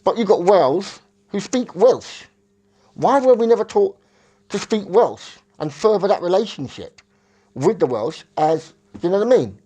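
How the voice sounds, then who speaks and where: A man's voice: high-pitched, sing-song, normal speed, mellow. A man from England, talking in a rambling, self-correcting monologue that searches for words. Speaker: vlogger.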